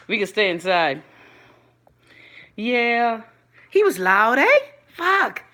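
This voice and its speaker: A young Bahamian woman hosting a live stream, chatting loudly to her viewers, gossipy and swearing freely. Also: fairly high pitch, sing-song, slow. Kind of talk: casual live-stream chat.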